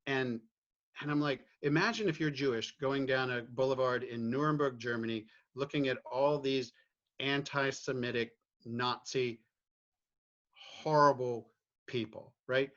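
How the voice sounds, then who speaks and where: A man's voice: medium pitch, fairly even intonation, a little slow, a bit bright, lo-fi sound. Reflective middle-aged man, from Virginia. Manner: reflective, with frequent restarts and "right?" tags. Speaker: guest. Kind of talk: candid personal conversation.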